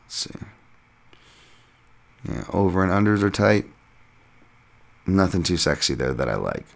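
A man's voice: low-pitched, big pitch swings, measured pace, creaky. A man hosting a podcast, talking through fight picks in a loose, rambling way, with frequent restarts and casual swearing. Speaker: podcast host and fight analyst.

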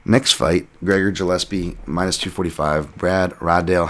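A man's voice: low-pitched, fairly even intonation, moderate pace, hardly any pauses. A man hosting a podcast, talking through fight picks in a loose, rambling way, with frequent restarts and casual swearing. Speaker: podcast host and fight analyst.

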